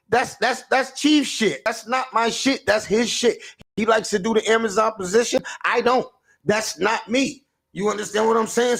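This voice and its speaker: A man hosting a livestream, rambling in a casual rant, stammering and restarting as he answers chat comments. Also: very high-pitched. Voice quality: gravelly. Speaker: livestream host.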